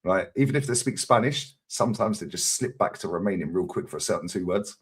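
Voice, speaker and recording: Male guest, low and husky, loud and sweary, animated. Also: fast talker. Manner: loud, profane, animated storytelling. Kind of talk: casual chat on a live stream.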